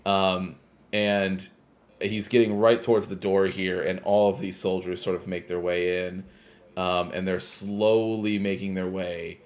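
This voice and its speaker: A man's voice: low-pitched, level tone, measured pace. A man co-hosting a casual podcast, retelling a game's story in a rambling way with lots of "like" and "uh". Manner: rambling retelling, heavy use of "like" and "uh". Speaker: podcast co-host. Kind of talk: casual chat recapping a game plot.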